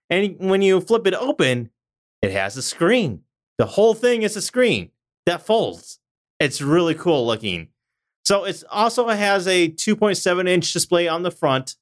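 A man with a fairly high voice presents tech news on a podcast. He runs through specs and prices and slips in some dry sarcasm. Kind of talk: casual podcast chat.

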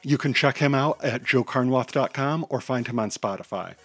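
A man narrating a children's superhero story with an animated, theatrical delivery, and hosting the podcast. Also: mid-range voice, moderate pace, dry recording.

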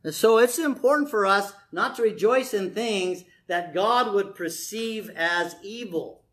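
A man's voice: high voice, measured pace, fairly bright tone. A man preaching a conversational sermon to his congregation, telling stories and acting out quoted voices.

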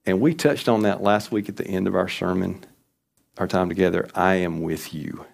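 Deep-voiced man preaching a sermon. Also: fairly quick, vocal fry. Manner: conversational, folksy preaching with emphatic scripture reading. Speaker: pastor.

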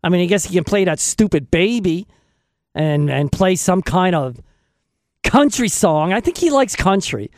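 A man's voice: high voice, expressive, moderate pace, no room sound. A man hosting a radio show from a studio, rambling casually and joking at his own expense. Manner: joking, self-mocking, talks to himself. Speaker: radio host. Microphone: studio microphone.

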